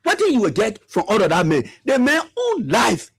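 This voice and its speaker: Fiery high-voiced man. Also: wildly swooping pitch, moderate pace, gravelly, husky, no echo. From Liberia. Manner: fiery, repetitive, rhetorical questions. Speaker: political commentator. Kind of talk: impassioned political commentary.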